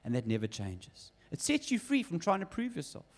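A man's voice: a little high, brisk. A man preaching a sermon, telling stories with acted quotes. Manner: lively storytelling with acted quotes. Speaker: pastor.

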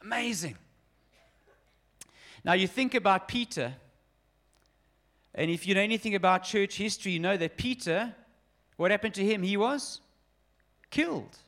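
A man's voice: high-pitched, expressive, moderate pace, long pauses, a bit bright. A man in his forties preaching an earnest, emphatic sermon and speaking directly to his congregation. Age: 40s. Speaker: pastor.

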